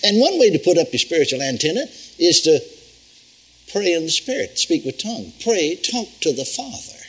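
An older man preaching a sermon in a folksy, animated teaching manner, repeating phrases for emphasis. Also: on the high side, moderate pace, breathy edge, poor audio. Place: church healing school.

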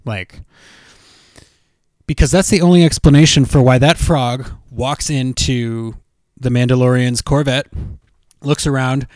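A man's voice: medium pitch, steady tone, measured pace, a little mellow, no echo, studio quality. A man co-hosting a podcast, chatting casually and jokingly acting out silly voices for the people he talks about. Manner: jokey, acts out silly voices. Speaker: podcast co-host. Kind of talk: casual chat.

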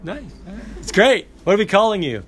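A man teaching in a classroom, playful and animated. His pitch jumps up and down as he calls names and banters with the students. It sounds like casual roll call on the first day. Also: brisk.

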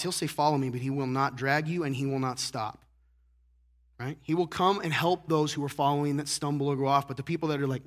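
Male pastor, slightly high voice, playful and animated, throat-clearing habit. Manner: joking, animated, acts out characters. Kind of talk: sermon.

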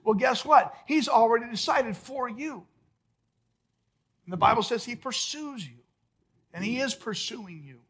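A man preaching a sermon as pastor at a church service, emphatic, swinging between loud outbursts and hushed, soft lines. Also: very high voice, a little slow, pauses often, slightly rough.

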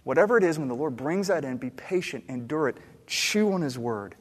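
A pastor preaching a sermon, dramatic and emphatic, dropping to a hush and then rising to loud outbursts. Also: male voice, fairly high pitch, lively intonation, fairly quick. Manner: dramatic, swings from hushed to shouting. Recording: long hall reverb.

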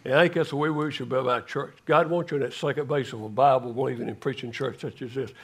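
An older man preaching a sermon, telling a story dramatically and swinging from loud calls to hushed words. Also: medium pitch, fairly even intonation, fast talker, creaky, breathy edge. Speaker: guest preacher.

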